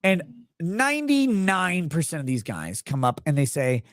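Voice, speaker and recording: Animated swearing man telling a story. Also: fairly high pitch, no echo, clean studio sound. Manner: animated, swearing, quick bursts, laughs while telling. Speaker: show host. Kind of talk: casual storytelling chat.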